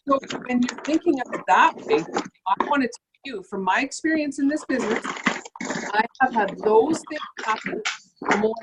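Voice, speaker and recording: A woman's voice: animated, moderate pace, breathy edge. Woman, middle-aged, sick, chatty sales coaching, acts out customer lines. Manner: chatty, acts out customer voices with big pitch jumps. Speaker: sales trainer. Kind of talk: casual motivational talk.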